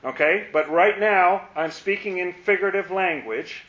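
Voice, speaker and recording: Guy teaching bible study, high bright voice, playful, roomy muffled lo-fi sound. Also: moderate pace. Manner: animated, playful, acts out quoted lines. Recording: roomy, dull lo-fi.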